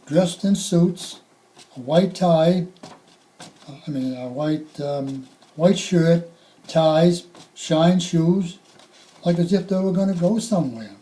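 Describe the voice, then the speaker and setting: An older man, a retired firefighter slowly recounting sad calls, halting and repeating himself. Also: fairly high pitch, dark tone, low-quality recording. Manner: halting, reflective, repeats words. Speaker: retired firefighter telling stories. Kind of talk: spoken reminiscence.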